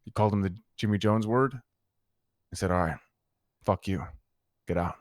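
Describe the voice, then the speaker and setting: A man's voice: lowish voice, measured pace, no room sound. A man in character in an online roleplay, telling a heated, profane story to a friend. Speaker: roleplay gang member recounting events.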